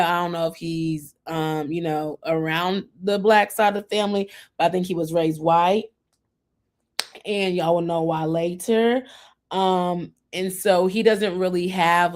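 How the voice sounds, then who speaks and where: A woman's voice: fairly low pitch, fairly even intonation, measured pace. A woman hosting a casual TV recap chat, chatty and opinionated, often acting out what people on the show said. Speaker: host.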